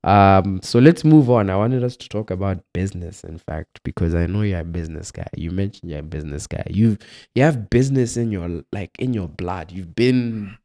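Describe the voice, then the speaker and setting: A young man hosting a podcast, talking in a relaxed, easygoing way with fillers. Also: low voice, moderate pace. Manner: relaxed, easygoing, fills gaps with um and like. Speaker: podcast host. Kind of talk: casual chat.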